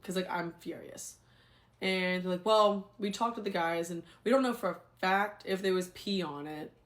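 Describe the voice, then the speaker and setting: A young adult woman, a former teacher, telling a story in a casual, animated, exasperated way. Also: on the low side, normal speed.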